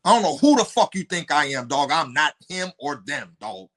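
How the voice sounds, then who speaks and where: Animated, foul-mouthed man telling a story. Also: a little high, normal speed. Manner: animated, profane, blunt storytelling with rising outbursts. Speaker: podcast guest. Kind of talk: storytelling on a podcast.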